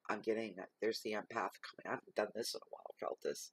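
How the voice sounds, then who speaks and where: A man giving a slow, reflective spoken tarot reading, reading card keywords aloud. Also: on the low side, steady tone, a bit bright, husky, dry recording. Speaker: tarot reader.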